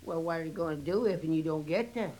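A man's voice: fairly high pitch, fast, darkish tone, close to an everyday voice. A man playing a meek polite servant. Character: timid, polite young servant. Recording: hissy old radio broadcast.

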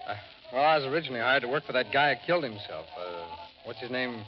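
A man's voice: medium pitch, expressive, fast, slight background noise, lightly acted. An actor playing a sly male undercover federal agent who chats casually, in 1940s radio acting style. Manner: casual, feigning chatter. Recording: dull lo-fi old radio broadcast.

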